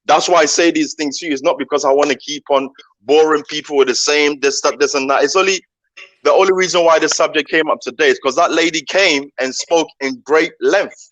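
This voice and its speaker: Man, slightly high voice, earnest advice-giver, dry recording. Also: steady tone, a little fast, fairly bright tone, dry recording, rough recording. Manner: earnest, advising, repetitive. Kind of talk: casual discussion.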